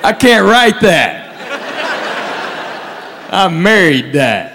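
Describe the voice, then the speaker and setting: A man's voice: sits high, very animated, drawn-out words, background noise. A man telling stand-up comedy stories to a live audience. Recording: hall reverb with faint crowd.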